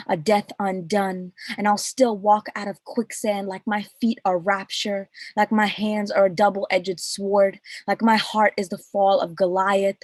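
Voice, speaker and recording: Woman, spoken word poet, slow measured recitation, even flat delivery, dry close sound, video call. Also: medium pitch, no room sound. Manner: slow, measured, repetitive cadence. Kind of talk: spoken word poetry reading.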